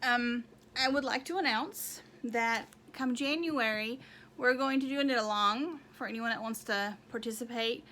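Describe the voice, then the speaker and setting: A woman's voice: fairly high pitch, moderate pace, sharp tone, a little hiss or hum. A woman hosting a knitting video podcast, chatting casually and rambling as she shows off her projects and counts squares aloud. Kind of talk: casual show-and-tell chat.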